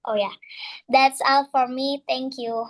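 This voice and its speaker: A woman student reciting a short class presentation in English, halting and stumbling over words. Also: high voice, fairly even intonation, poor audio.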